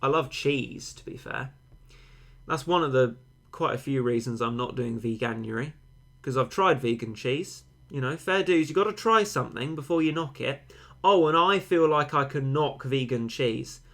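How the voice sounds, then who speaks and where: A man's voice: medium pitch, moderate pace, creaky, fairly bright tone. A young man, a game streamer, chatting casually and rambling, answering viewer comments with mock-dramatic overstatement.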